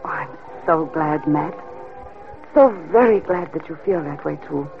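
An actress playing an earnest young Russian woman in a 1950s radio drama, speaking softly and wistfully. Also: low voice, unhurried, creaky. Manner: soft, wistful, pleading. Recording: dull lo-fi old radio recording. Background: music.

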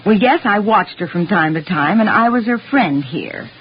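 A woman's voice: mid-range voice, animated, moderate pace, slight background noise, close to an everyday voice. An actress playing a nervous, evasive woman neighbour who answers in flustered, hesitant bits, in 1940s radio acting style, from a dull lo-fi old radio recording. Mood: defensive.

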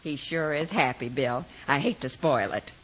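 A brisk, husky frontier hotel keeper. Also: female voice, rumbling low, a bit bright, exaggerated voice. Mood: worried. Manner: brisk, bossy, homespun. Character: brisk, motherly frontier hotel keeper, middle-aged woman. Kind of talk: 1950s radio drama acting. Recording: dull old radio transcription.

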